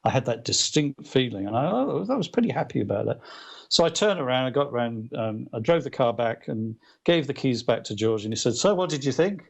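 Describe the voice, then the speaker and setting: A male author as a guest, telling anecdotes in a casual interview, animated, with many restarts and fillers. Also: mid-range voice, a little fast, vocal fry.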